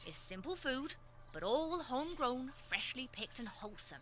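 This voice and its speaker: A woman's voice: high-pitched, sing-song, moderate pace, pushed and bright, exaggerated voice, poor audio. A woman's synthetic voice playing a motherly, homely female innkeeper who dotes on her guests in a cosy, chatty way. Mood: doting. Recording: clear background noise.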